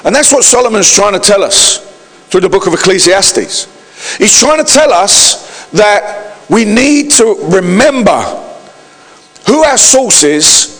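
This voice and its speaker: A man's voice: sits high, a bit bright. A man preaching a sermon as pastor, calling out to the congregation for responses. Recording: long hall reverb.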